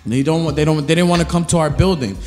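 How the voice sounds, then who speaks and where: A man's voice: on the high side, quick pace, darkish tone, big-room sound, faint music behind. A man co-hosting a podcast, telling stories in casual, joking chat. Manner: storytelling, loose and joking. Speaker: podcast co-host.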